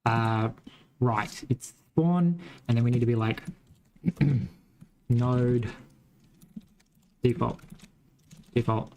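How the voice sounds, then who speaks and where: A man's voice: medium pitch, very slow, pauses often, mellow, a little hiss or hum. Rambling man with a mild West Australian accent. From Western Australia. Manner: rambling, thinks aloud, swears casually. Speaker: game developer streaming his coding. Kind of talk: casual live-coding chat.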